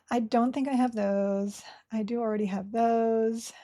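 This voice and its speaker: Giggly, slow-talking woman streamer. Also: fairly high pitch, steady tone, dark tone. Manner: giggly, chatty, laughs often; talks to chat and to her game characters. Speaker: live game streamer. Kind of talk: casual live gameplay commentary.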